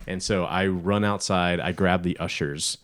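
A man's voice: sits low, unhurried. A man, co-host of a podcast, telling a long personal story in casual chat, with a joking manner. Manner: joking storyteller, lively retelling.

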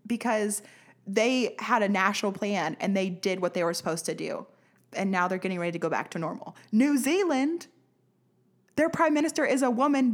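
A woman's voice: medium pitch, fairly even intonation, normal speed. Ranting, sarcastic young woman podcaster. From United States. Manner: sarcastic, ranting, swears freely, laughs often. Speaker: podcast host. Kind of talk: casual solo podcast rant. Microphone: studio podcast mic.

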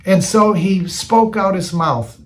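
High-pitched male preacher, casual sermon delivery, repeats lines for emphasis. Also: slow pace, fairly bright tone. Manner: conversational, repeats phrases for emphasis.

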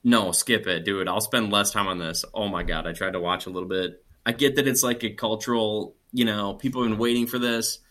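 A man's voice: fairly low pitch, steady tone, fairly quick, few pauses, a bit bright. A man co-hosting a podcast, chatting casually and bluntly with a laid-back "dude" manner. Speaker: podcast co-host. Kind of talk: casual chat.

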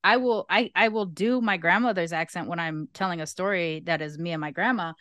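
A woman's voice: on the low side, a little fast, a bit bright, no room sound. A woman from North Long Beach giving her frank opinions at length in a casual podcast conversation. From North Long Beach, California. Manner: candid, opinionated, talks at length. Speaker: guest co-host.

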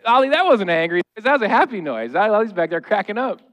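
High-voiced joking pastor. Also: male voice, very animated, fast, fairly bright tone. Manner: humorous, conversational, acting out noises and quotes. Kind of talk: sermon. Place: church sanctuary.

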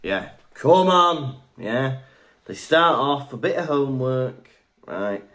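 A man's voice: medium pitch, expressive, slow pace, a bit bright. A man co-hosting a podcast, chatting in a jokey, casual way. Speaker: podcast co-host. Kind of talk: casual chat.

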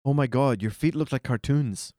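A man's voice: medium pitch, moderate pace, background noise. A man co-hosting a podcast, tossing in wry one-liners and teasing the others. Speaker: podcast co-host. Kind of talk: casual comedy chat.

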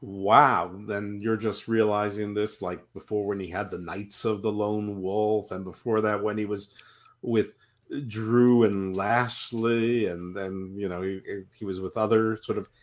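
A man co-hosting a casual chat show over a video call, joking in a wry, deadpan way and swearing casually. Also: lowish voice, a little slow. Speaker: podcast co-host.

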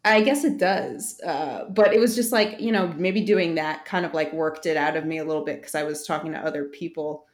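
A woman's voice: sits low, a little fast, hardly any pauses. A young woman from Brooklyn with a slight Brooklyn accent, hosting a podcast and telling stories in casual chat, with plenty of fillers and swearing. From Brooklyn, New York. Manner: animated storyteller, swearing, many fillers. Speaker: podcast host.

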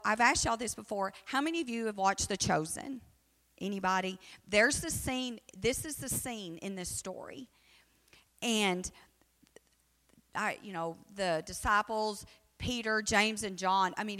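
A woman's voice: medium pitch, measured pace, a bit bright, long reverb tail. A woman teaching an adult Bible study in a conversational way, who often acts out the quotes in her story.

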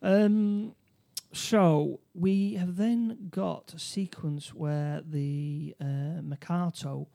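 A man's voice: a little high, fairly even intonation, vocal fry, mellow. A man in casual conversation, recapping a film plot with frequent restarts and short acted-out quotes. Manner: halting, many restarts, acts out quotes. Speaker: podcast co-host.

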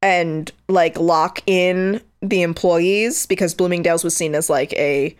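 A woman's voice: on the low side, fairly even intonation, measured pace, clear, resonant tone. A young woman co-hosting a podcast in casual, chatty talk, often filling her sentences with "like". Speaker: podcast co-host. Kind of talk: casual chat.

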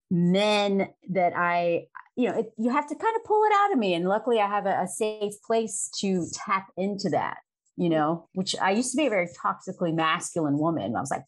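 Woman, forties, frank, casual swearing, easy laughs, mid-pitched voice. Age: 40s. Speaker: guest. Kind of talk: candid conversational interview.

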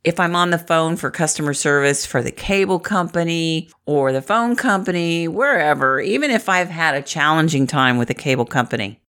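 A middle-aged woman from the Midwest speaks with a low, lively voice that rises and falls a lot. She talks to the viewer in a chatty, encouraging way, often laughing. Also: moderate pace, few pauses. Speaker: inspirational vlogger. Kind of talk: upbeat motivational talk to camera.

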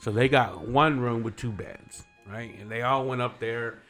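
A middle-aged man, a guest on a morning show, telling a story in casual chat. He is animated, laughs often and acts out what people said. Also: mid-range voice, normal speed, faint music behind.

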